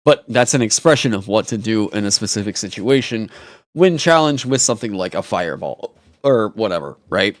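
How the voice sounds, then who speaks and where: A man hosting a casual live stream, talking in an animated, rambling way and swearing casually into a headset mic. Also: lowish voice, dry recording, clean studio sound. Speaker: streamer host.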